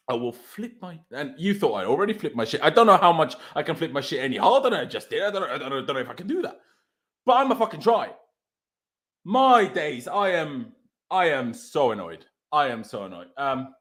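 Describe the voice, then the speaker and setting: A man hosting a football fan channel, delivering a furious, swearing post-match rant over a call. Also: fairly high pitch.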